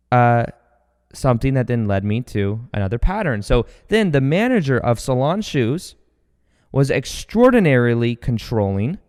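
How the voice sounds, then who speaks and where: A man hosts a podcast and tells personal stories in a loose, energetic way, restarting his sentences often. His voice is smooth and clear. A long reverb trails behind it, as if he were recording in a large hall. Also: medium pitch. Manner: rambling, energetic, with many fillers and restarts. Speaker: podcast host. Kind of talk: casual storytelling monologue.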